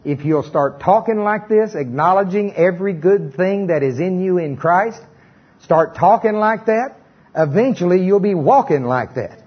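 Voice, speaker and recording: Husky middle-aged male preacher, fairly high voice, dull lo-fi church recording, lively call-and-response. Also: normal speed. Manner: animated, joking asides, leads congregation in repetition.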